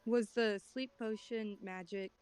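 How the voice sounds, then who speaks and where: A woman playing in a tabletop game over voice chat, asking quick simple questions. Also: mid-range voice, steady tone, darkish tone, smooth, soft background music. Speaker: player.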